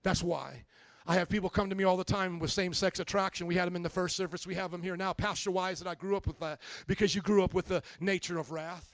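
Fiery high-voiced male preacher. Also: fairly even intonation, fast talker, dry recording. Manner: impassioned preaching, rhetorical questions to the congregation, builds to shouts. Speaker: pastor. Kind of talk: sermon.

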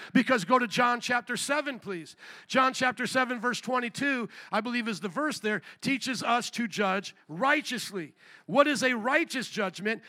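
A man preaching a sermon as pastor, animated and joking, firing rhetorical questions at the congregation. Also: very high voice, no echo.

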